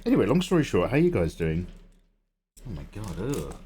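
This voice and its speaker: A man's voice: lowish voice, wildly swooping pitch, normal speed, warm tone, husky. A young man hosting a drawing livestream, chatting casually and rambling between jokes. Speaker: livestream artist host.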